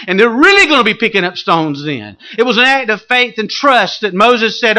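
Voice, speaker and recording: Animated, high-voiced preacher man. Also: fairly quick, hardly any pauses. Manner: animated preaching, swinging between loud exclamations and hushed asides. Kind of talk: sermon.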